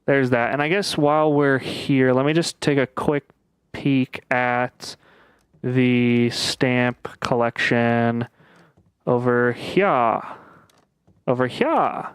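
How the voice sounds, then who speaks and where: A man talks through a puzzle game in a casual let's-play style, working things out aloud. He speaks slowly, with many pauses and fillers. His voice is very smooth and clear, recorded dry with no room sound. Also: medium pitch, no echo. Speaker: gaming video creator.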